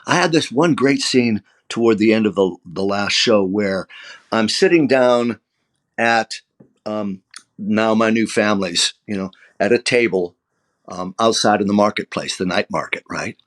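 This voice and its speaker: An older male actor, speaking unhurriedly in a lowish voice, shares emotional anecdotes as an interview guest. He acts out the lines he quotes in a conversational, storytelling way.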